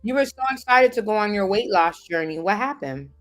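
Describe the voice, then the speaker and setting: A woman delivering a spiritual motivational talk in a direct, streetwise manner. She drives her points home with preacher-like repetition, and her voice sits at a middle pitch. Soft music plays faintly beneath her. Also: lively intonation, brisk. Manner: direct, streetwise address to listeners. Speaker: spiritual life coach.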